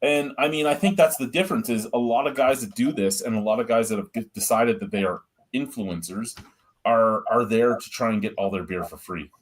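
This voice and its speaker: A man's voice: mid-range voice, brisk. A middle-aged man hosting a beer review show, telling stories in a blunt, profane, rambling way. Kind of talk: casual storytelling chat.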